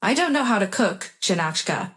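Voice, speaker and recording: Figure: lazy, awkward husband, read by a woman. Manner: cautious and flattering. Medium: audio story. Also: medium pitch, moderate pace.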